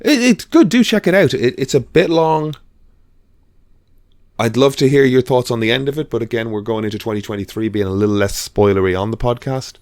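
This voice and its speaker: Talking films on a podcast he co-hosts, this man rambles casually, often restarting and leaning on fillers. His mid-range, darkish voice is lively and fairly quick, captured in a dry studio-quality recording.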